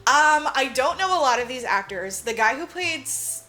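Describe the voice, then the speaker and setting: A woman podcast co-host retelling a film in loose, casual chat. Her voice is high and bright, broken up by laughs, swearing and quick acted-out lines. Faint music plays in the background. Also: animated. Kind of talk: casual movie recap chat.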